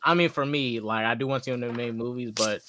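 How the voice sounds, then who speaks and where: A man's voice: mid-range voice, quick pace, sharp tone. A man in a casual fan chat, rambling and joking in a loose, laid-back way. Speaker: co-host of a fan reaction show.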